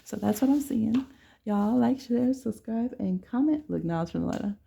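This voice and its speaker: A woman's voice: fairly high pitch, expressive, normal speed, gravelly, warm tone, slightly rough. A woman giving a casual tarot reading to camera with a blunt, playful way of talking. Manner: blunt, playful, laughs often. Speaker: tarot reader.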